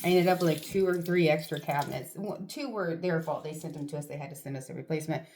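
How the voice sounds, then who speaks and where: A woman's voice: sits low, fast, a little mellow, a little hiss or hum. A middle-aged woman vlogging at home, chatting casually to camera with rambling, self-deprecating asides and a sniffly nose. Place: at home, doing a face mask.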